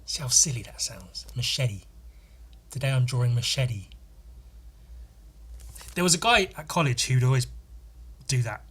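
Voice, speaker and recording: A man rambles through a solo comic monologue, cursing freely and mocking himself. His voice is sharp and forward with a husky edge. He wanders from tangent to tangent without pause. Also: mid-range voice, lively intonation. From Scotland. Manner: profane, self-mocking, rambling. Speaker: podcast host. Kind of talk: casual comedic monologue.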